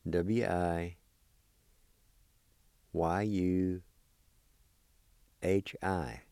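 Man, language teacher, deep voice, unhurried careful delivery. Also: mellow, clear, resonant tone, no echo, studio quality. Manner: slow, deliberate spelling and repeating of words. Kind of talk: recorded language lesson.

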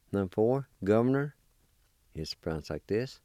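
A man's voice: sits low, takes it slowly, long pauses, dark tone, no room sound, clean studio sound. A man teaching a language lesson, carefully spelling out and repeating words for learners.

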